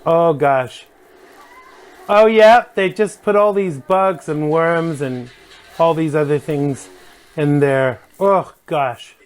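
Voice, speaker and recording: A man's voice: fairly high pitch, slow. A man hosting his vlog, chatting casually and jokily about a TV show as he watches it. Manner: chatty, rambling, jokey asides. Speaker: vlog host.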